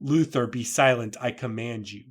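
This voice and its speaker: A man's voice: medium pitch, moderate pace, natural voice. A man voicing a cold, commanding male robot villain who speaks in formal, menacing pronouncements while reading a comic aloud.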